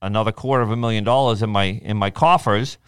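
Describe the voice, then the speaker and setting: Animated man telling stories, smooth voice. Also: fairly low pitch, fast, no room sound, studio quality. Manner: animated storyteller, acts out quoted speech. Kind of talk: casual podcast chat.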